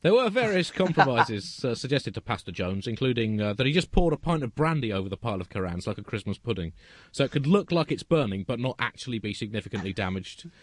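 Dry, deadpan comic man. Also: medium pitch, fast, no echo. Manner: deadpan, pun-heavy, chuckles through his own jokes. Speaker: co-host. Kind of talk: satirical comedy podcast banter.

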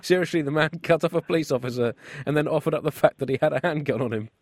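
A man co-hosting a comedy radio show with wry, deadpan delivery. His voice is dry and close on a studio mic. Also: a little high, very fast, dry recording. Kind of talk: comic radio banter.

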